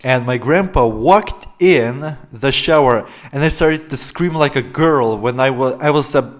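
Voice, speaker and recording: A man's voice: mid-range voice, a little slow. A young man telling a story-time vlog in a casual, rambling way, often laughing and filling gaps with "like" and "uh". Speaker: vlogger.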